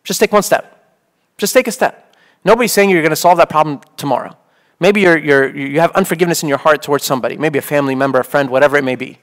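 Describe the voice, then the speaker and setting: High-voiced young priest preaching casually. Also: male voice, fast talker, fairly bright tone. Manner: casual, peppered with "like" and "okay?". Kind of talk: conversational sermon.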